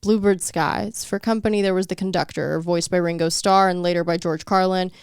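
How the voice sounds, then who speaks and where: Woman podcast host, casual profane chat, gravelly fry, smooth tone, dry close mic. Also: lowish voice, steady tone, brisk, no echo. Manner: profane, wry, reads articles aloud.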